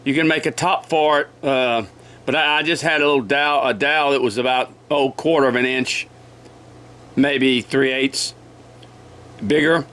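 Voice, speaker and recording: A man with a cold teaching woodcarving in a folksy, repetitive way, often clearing his throat and apologizing. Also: mid-range voice, steady tone, normal speed, fairly bright tone. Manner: folksy, repeats measurements, frequent throat clearing. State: has a cold. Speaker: woodcarving instructor. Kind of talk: casual step-by-step demonstration.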